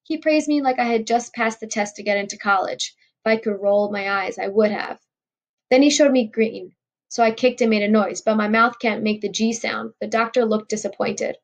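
Woman audiobook reader, middle pitch, gravelly, wry first-person storytelling. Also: fairly even intonation, normal speed. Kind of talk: reading a novel aloud.

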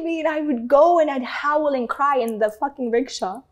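A woman from Canada tells an interviewer a painful story from her past, her voice sitting a little high. She speaks with open emotion and swears casually. She acts out the voices of the people in her story. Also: quick pace, few pauses. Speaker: interview guest.

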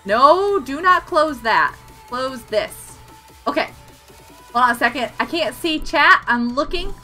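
A bright, sharp-toned woman streams a game from home, her voice leaping high and swinging all over as she chatters excitedly at the screen and her viewers. Faint music plays underneath. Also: measured pace. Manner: excitable, laughing, shouting at the game. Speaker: live streamer. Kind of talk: live gameplay streaming.

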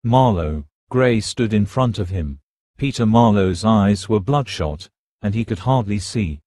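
A man narrating an audiobook in an even, measured reading. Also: on the low side, no room sound. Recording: dry close studio recording.

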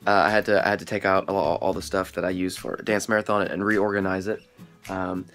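A young man chats to his camera in an upbeat, joking way while he drives and packs up his gear. His voice is bright and forward, a little stuffy from a cold, picked up close by a headset mic. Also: low voice, little pitch movement, fairly quick, soft background music. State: sick, stuffy nose. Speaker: vlogger and magician. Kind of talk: casual vlog talk. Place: outdoors and in a car. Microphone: headset microphone.

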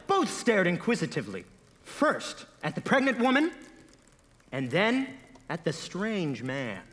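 A man's voice: high voice, huge pitch swings, unhurried, a bit bright, long reverb tail. A man narrating a comedy sketch on stage in a mock-dramatic tone, correcting himself as he goes. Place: theater stage.

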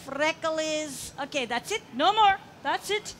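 A woman's voice: high voice, expressive, a little slow, fairly bright tone. A middle-aged woman from Canada giving a chatty, playful live glassblowing demonstration, narrating each step with sing-song counting. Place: glassblowing studio. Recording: noisy hot shop.

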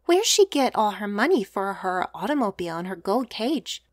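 A woman's voice: medium pitch, big pitch swings, moderate pace, no echo, studio quality, natural voice. A woman voicing a plain-spoken, nosy older countrywoman who loves gossip. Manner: folksy, nosy.

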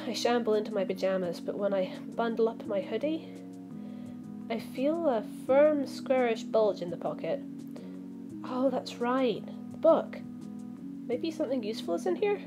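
A woman reading a visual novel aloud as a let's play streamer, voicing the lines and breaking off into animated asides. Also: a little high, normal speed. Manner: animated, reacts with outbursts and asides. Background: background music.

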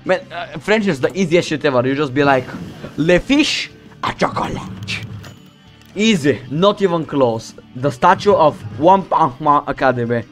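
A man's voice: on the high side, lively intonation, moderate pace, hardly any pauses. Boastful young man streaming a game. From Balkans. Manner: boastful, swearing, joking to himself. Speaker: streamer playing a strategy game. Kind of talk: casual gaming commentary. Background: loud background music.

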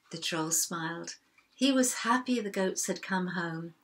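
A middle-aged woman reading a children's story aloud, expressive and animated, with sing-song sound effects. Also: fairly low pitch, unhurried, rough recording.

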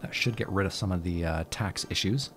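A man's voice: sits low, fairly quick, a bit bright. A man giving casual, profane and joking commentary on a city-building game. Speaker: let's play host. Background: game music.

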